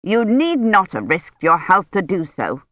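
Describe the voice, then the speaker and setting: A cold, accusing noblewoman, as a woman narrator puts her on, firing off demanding questions at a slow, measured pace. The voice comes through tinny and phone-like, dry and close. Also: fairly low pitch, very animated, dry recording. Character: stern suspicious noble lady, middle-aged.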